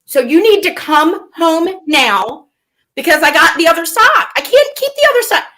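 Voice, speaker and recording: A woman's voice: extremely high pitch, big pitch swings, normal speed, pushed and bright, full character voice. A woman playing a melodramatic, weepy reality-TV woman in a live comedy parody, whiny and swinging into mock tears. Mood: dramatic.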